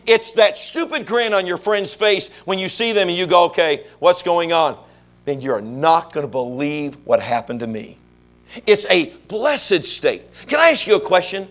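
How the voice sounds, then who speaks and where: A middle-aged man preaches a sermon in a fairly high voice. He quizzes his congregation with questions and climbs into shouted, animated stretches. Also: normal speed. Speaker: pastor.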